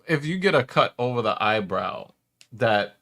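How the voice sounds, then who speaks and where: A man's voice: mid-range voice, animated, moderate pace, vocal fry, fairly bright tone. A man co-hosting a casual watch party chat, cursing, laughing and arguing his point. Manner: profane, laughing, argumentative. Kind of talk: casual chat reacting to clips.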